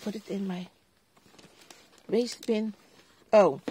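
Slow-talking Dutch woman unboxing a haul. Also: mid-range voice, lively intonation, noisy background. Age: middle-aged. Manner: chatty, exclaims over items, talks straight to viewers. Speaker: vlogger. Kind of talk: casual crafting haul unboxing.

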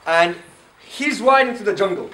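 Male camp speaker, high voice, animated storyteller, distant mic in an echoey hall. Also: moderate pace. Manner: animated storyteller, quizzes the audience. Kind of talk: lecture to teenagers at a youth camp. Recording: echoey room, far from the mic, faint noise.

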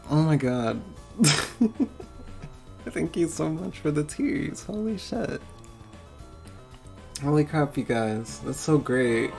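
Excitable male streamer, high and very animated voice, slow deliberate delivery, overwhelmed, faint music behind. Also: gravelly. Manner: excited, swearing, laughing, stammering thanks. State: overwhelmed, tearing up. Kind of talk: live stream reaction.

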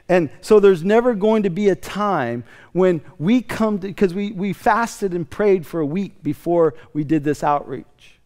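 A male pastor preaching a sermon, emphatic and repetitive, swinging from loud declarations to hushed, quiet lines. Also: a little high, smooth, long reverb tail.

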